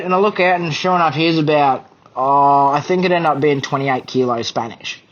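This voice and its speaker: A man's voice: fairly high pitch, normal speed, muffled recording. A young Australian man telling a fishing charter story as a podcast guest, blunt, profane and often laughing. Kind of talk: casual anecdote telling.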